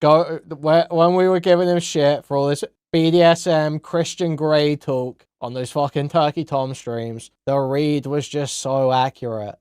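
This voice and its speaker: A man's voice: a little high, fairly even intonation, measured pace, few pauses, a little mellow, smooth, no room sound, studio quality. A man doing drama commentary, reading messages aloud with sarcastic, profane asides. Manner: sarcastic, profane asides between read-outs. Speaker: commentary YouTuber.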